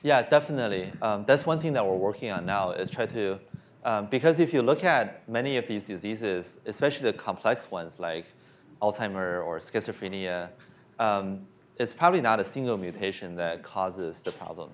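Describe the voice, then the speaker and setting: A man's voice: lowish voice, normal speed. A man giving a science lecture and answering questions, hesitant with frequent fillers and restarts. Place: lecture hall.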